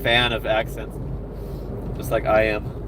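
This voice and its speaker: A man's voice: on the low side, monotone, slow pace, noisy background. A middle-aged man chatting casually on a livestream while driving for delivery gigs, rambling and cursing in an upbeat way. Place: in a car on the road.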